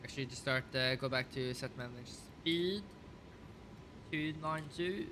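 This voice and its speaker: A man's voice: mid-range voice, fairly even intonation, fairly quick, background noise. A man casually talking through a simulated airliner flight, calling out checklist items and thinking aloud with many fillers. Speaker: flight sim streamer. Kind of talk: casual flight sim commentary.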